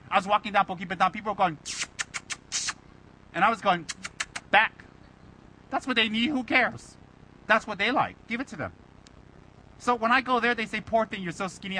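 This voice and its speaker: A man, a Buddhist lama, giving an informal dharma talk to his students. He fires off rhetorical questions and mimics his critics in an animated, teasing way. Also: sits high, slight background noise, poor audio.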